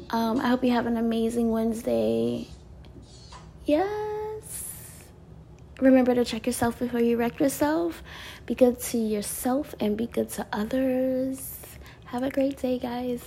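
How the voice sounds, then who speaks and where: A woman chatting casually with viewers as a wellness vlogger, bubbly and laughing often, sometimes dropping to soft breathy asides. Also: fairly high pitch, measured pace, slight background noise. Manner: bubbly, laughs often while telling stories.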